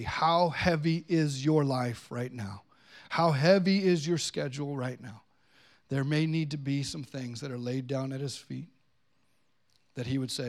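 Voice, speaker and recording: A man's voice: mid-range voice, measured pace. A man pastor preaching a sermon in a church, earnest and conversational. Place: church sanctuary.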